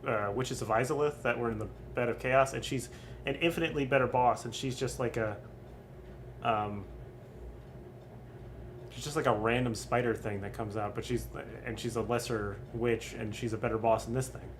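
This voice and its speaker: A man's voice: medium pitch, steady tone, moderate pace, noisy background. A young man streaming, ranking game bosses in casual, rambling, profane commentary full of ums. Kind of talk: casual crude gaming commentary.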